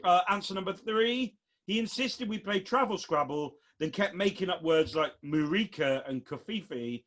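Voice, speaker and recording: A man's voice: sits high, animated, normal speed, fairly bright tone. A man hosting a comedy quiz podcast, chatty and laughing easily. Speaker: quiz host. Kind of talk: comedy panel podcast chat.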